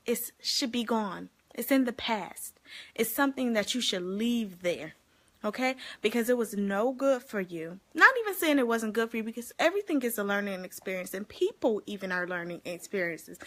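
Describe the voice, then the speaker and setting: A woman vlogging casually to her viewers, giving life advice in an animated, chatty way and laughing often. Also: mid-range voice. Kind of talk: casual talk to camera.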